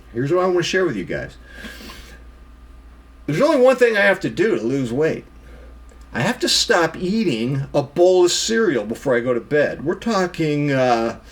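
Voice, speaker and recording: A middle-aged man vlogging to camera, emphatically scolding himself for his own excuses and calling himself out by name. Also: a little high. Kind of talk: self-critical monologue to camera.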